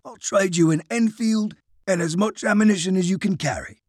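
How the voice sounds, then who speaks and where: A man's voice: high-pitched, normal speed, breathy edge, dry recording, clean studio sound, pitched above the performer's own voice. A man voicing a grinning, pushy quartermaster from who haggles and swears coarsely. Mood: wheedling. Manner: brash, wheedling, swearing.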